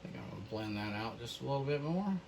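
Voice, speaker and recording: An instructor with an expressive mid-range voice walks viewers through an oil painting session, talking slowly and casually as he works. Much of it sounds like he's speaking to himself, and there's slight background noise.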